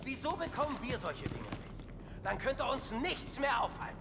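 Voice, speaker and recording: Barking enemy soldiers. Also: male voice, very high-pitched, wildly swooping pitch, moderate pace, exaggerated voice. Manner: barked soldier orders. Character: male enemy soldiers on patrol, gruff and alarmed. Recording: reverberant game audio with loud noise.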